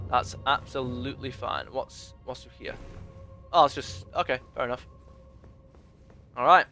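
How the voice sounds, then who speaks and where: A man's voice: mid-range voice, fairly bright tone. A young man talking through a video game, chatting to the enemies and muttering asides. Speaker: gaming YouTuber. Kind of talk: let's play commentary.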